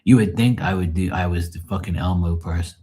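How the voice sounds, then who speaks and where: A man with a deep, husky voice chatting loosely on a live stream. He tells rambling stories full of swearing and chuckles, with a rough, breathy edge to his speech. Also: brisk, dark tone. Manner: profane, storytelling, chuckling. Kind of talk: casual rambling chat.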